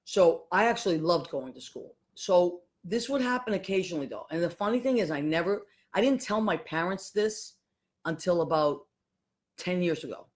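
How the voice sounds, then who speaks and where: A woman, hosting a podcast and telling a family story in a casual, animated way, acting out the voices of the people in it. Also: lowish voice, normal speed. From Boston, USA. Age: 50s. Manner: animated, acts out voices of people in her stories. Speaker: podcast host.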